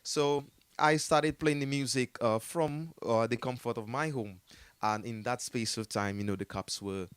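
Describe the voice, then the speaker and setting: A man's voice: medium pitch, fairly even intonation, a little slow, clear, resonant tone, no echo. Man, Jamaican accent, casual interview storytelling, rambling, lots of fillers, dry close sound. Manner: rambling, laughs often, many fillers. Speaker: artist telling his story as a guest.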